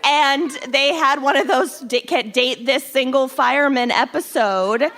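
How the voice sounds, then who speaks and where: A woman's voice: sits high, unhurried, fairly bright tone. A woman co-hosting a live podcast show, bubbly and swearing freely. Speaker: podcast co-host. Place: live stage before a crowd. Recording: live show with audience noise.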